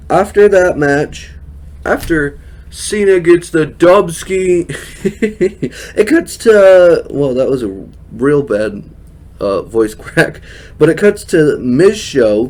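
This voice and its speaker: A man giving a casual recap of a televised show, chatty, laughing often and filling pauses with fillers. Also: medium pitch, expressive, a little mellow. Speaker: wrestling recap host.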